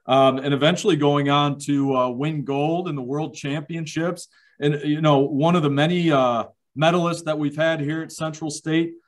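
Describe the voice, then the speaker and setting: A man interviewing an athlete, enthusiastic and praising, halting with filler words. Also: a little high, a bit bright. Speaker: interviewer, athletics communications director. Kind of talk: interview questions.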